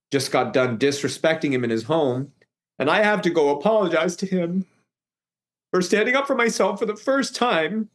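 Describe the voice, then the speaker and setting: Male podcast guest, earnest emotional storyteller, voice rises steeply at key moments. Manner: earnest, voice rising high when reliving the shouting. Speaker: guest telling his life story.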